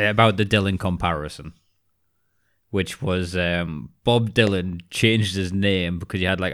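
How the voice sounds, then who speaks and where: A man's voice: low voice, fairly bright tone, smooth. A man hosting a podcast, talking in a sarcastic, sweary way in casual chat and acting out other people's voices. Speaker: podcast host.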